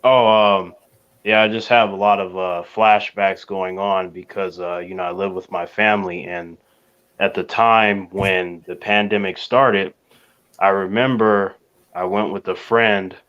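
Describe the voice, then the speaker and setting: A man on a talk panel telling a long personal story in a relaxed, measured way, with soft fillers. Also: sits low, clear, resonant tone, dull audio.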